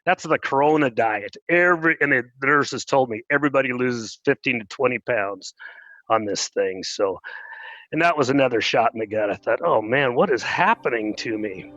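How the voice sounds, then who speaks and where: A middle-aged man, an interview guest, telling a personal story in an earnest, plainspoken way and pausing when moved. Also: medium pitch, animated, a bit bright, no echo, dull audio.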